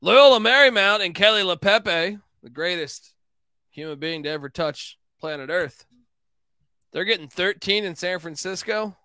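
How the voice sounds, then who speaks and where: A man with a bright, forceful voice, pitched a touch high, running through his betting picks in a loose, joking way. He swears freely and laughs often. The sound is dry and close, with no room around it. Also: moderate pace, smooth, no echo. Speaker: sports betting podcast host. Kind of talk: casual betting picks chat.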